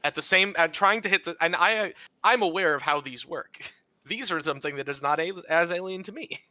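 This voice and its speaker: A man's voice: on the high side, a little fast, sharp tone, dry recording. A man playing a tabletop game, thinking aloud and restarting his sentences as he plans his move. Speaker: player. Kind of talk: casual tabletop game play.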